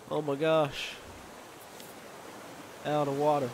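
A man's voice: medium pitch, level tone, takes it slowly, gravelly, background noise. A man casually commenting on a survival video game as he plays, thinking aloud and rambling with fillers. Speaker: gamer. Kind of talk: let's play game commentary.

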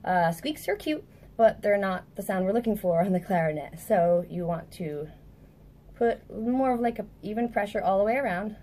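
Seated at a table indoors, a young music teacher runs through a casual clarinet tutorial, talking chattily and correcting herself readily. She has a medium-pitched, warm voice with lively intonation.

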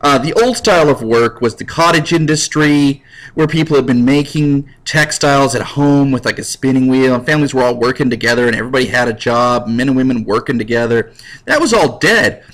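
A man's voice: medium pitch, brisk, a bit bright, poor audio. A man teaching a history lecture in a casual, jokey way, acting out little scenes. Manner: jokey, acts out scenes in voices. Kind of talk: recorded classroom lecture.

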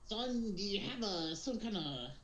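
A man voicing a one-legged pirate captain with an eye patch, drawling in a growling pirate manner with slow, hesitant "arr"s in a roomy-sounding room. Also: high voice, animated, fairly bright tone, voice pushed up. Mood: gruff scheming. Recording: roomy echo.

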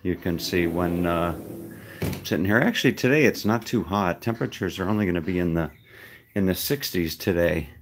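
A man casually vlogging as he walks through a house, rambling with frequent halting pauses. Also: deep voice. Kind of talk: casual walk-through vlog. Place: indoors in a house.

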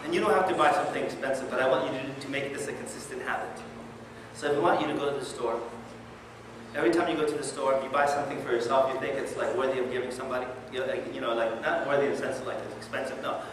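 A man races through a sermon at medium pitch, speaking as an Islamic lecturer in an animated, conversational style and often questioning his listeners. The recording is distant, echoey and noisy, made in a hall.

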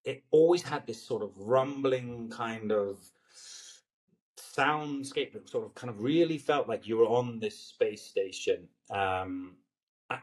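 A man's voice: medium pitch, takes it slowly. A man in his forties with a Scottish accent, a guest on a film interview, talking in a loose, rambling way and searching for words. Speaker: actor guest. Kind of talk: casual interview chat.

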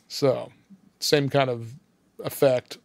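A man's voice: mid-range voice, little pitch movement, takes it slowly, creaky, a little mellow, no echo. A man on a casual film podcast, walking through the plot step by step and laughing often. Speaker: podcast host recapping a film.

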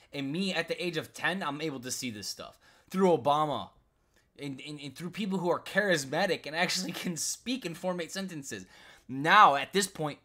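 A man's voice: a little high, bright, forceful tone. Frustrated man ranting about politics. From United States. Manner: frustrated, repetitive, says bro and like. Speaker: commentary vlogger. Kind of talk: political rant.

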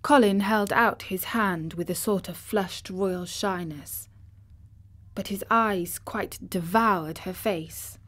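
Woman audiobook narrator, gentle storybook reading, unhurried. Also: medium pitch.

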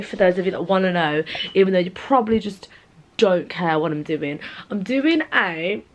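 A woman's voice: medium pitch, a little hiss or hum. Chatty young woman vlogging. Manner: chatty, rambling and playful, with frequent asides to viewers. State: out of breath. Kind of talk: casual vlog to camera. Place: home, indoors.

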